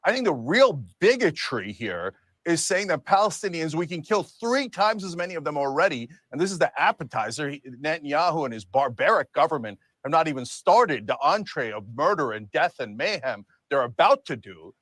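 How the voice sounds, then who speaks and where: Man, heated debate guest, high voice, very lively pitch, dry close sound. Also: normal speed, dry recording. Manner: heated, rhetorical, emphatic. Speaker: debate guest in a TV interview clip. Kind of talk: impassioned political argument.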